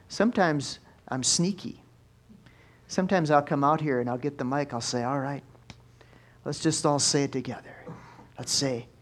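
A male pastor preaching a lively sermon in church, swinging from soft asides to loud exclamations. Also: mid-range voice. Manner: animated preaching with big swings in loudness.

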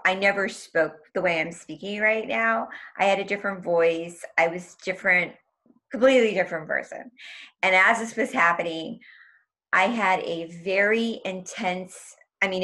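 Slow-spoken bright-voiced woman telling her story. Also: lowish voice. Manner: emotional, tumbling retelling full of "like" and quoted voices. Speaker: guest. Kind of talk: telling a personal story in an interview.

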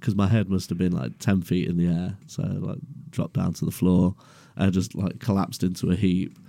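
A man's voice: deep voice, little pitch movement, moderate pace, creaky, mellow, no room sound, studio quality. A young man in a garage, telling a story as podcast co-host in a laid-back, sweary way and laughing along. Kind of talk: casual storytelling chat.

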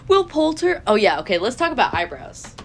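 A woman co-hosting a podcast, chatting casually with quick reactions. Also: a little high, big pitch swings. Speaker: podcast co-host. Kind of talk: casual chat.

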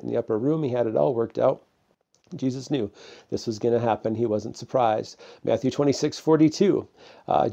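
A man preaches to a camera in a loose, conversational sermon, pausing on fillers as he goes. His voice is gravelly and mellow. The recording sounds dull and lo-fi. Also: mid-range voice. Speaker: pastor.

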